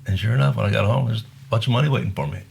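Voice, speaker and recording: A man's voice: medium pitch, very fast, creaky, a little hiss or hum. An older man from Buffalo, a guest musician, telling rambling anecdotes in casual conversation and acting out the voices of the people he describes. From Buffalo, New York, USA. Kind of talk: casual storytelling.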